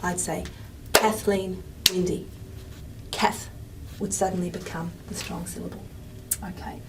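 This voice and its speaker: A woman lecturer explaining at a whiteboard in a chatty way, often checking in with "okay?" and filling pauses with "um". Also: lowish voice, little pitch movement. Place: classroom. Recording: voice from a distance with faint room noise.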